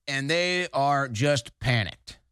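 A man's voice: mid-range voice, expressive, slow, fairly bright tone, smooth, no echo, clean studio sound. A man hosting a political talk show, delivering emphatic, combative commentary.

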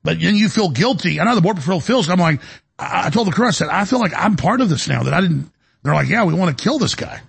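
A man's voice: high-pitched, lively intonation, fast, gravelly, breathy edge. A man hosting a talk show, intense and storytelling as he chats with a guest. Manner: intense, storytelling, acts out quotes. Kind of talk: impassioned talk show banter.

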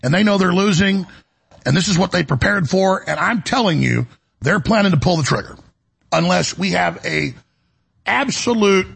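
A man hosting a talk show, delivering an urgent, fiery monologue in a raspy, gravelly voice that climbs toward a yell. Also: sits high. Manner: urgent, rising to near-yelling. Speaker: show host.

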